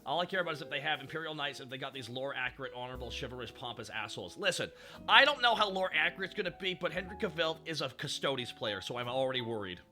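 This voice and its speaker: A man hosting a live stream, chatting casually and telling stories in an excitable, animated way. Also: mid-range voice, fast talker, music in the background. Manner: excitable, animated storytelling with swearing. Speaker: streamer host.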